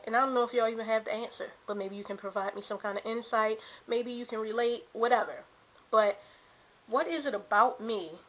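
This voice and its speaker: Exasperated woman venting to her camera. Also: mid-range voice. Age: late 20s. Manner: exasperated, repeats herself, mimics others' nagging. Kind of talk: ranting vlog to camera. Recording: dull lo-fi camera audio.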